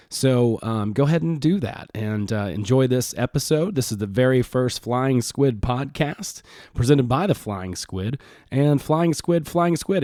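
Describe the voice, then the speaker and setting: A man's voice: medium pitch, dark tone, no room sound, studio quality. A man hosting a comedy podcast, chatting casually and self-correcting often. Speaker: podcast host.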